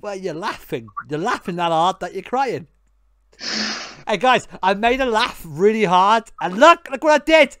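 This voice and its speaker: A man pranking strangers on a webcam video chat, loud, crude and teasing, jumping between voices. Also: high-pitched, animated, moderate pace, clear, resonant tone, no room sound, studio quality.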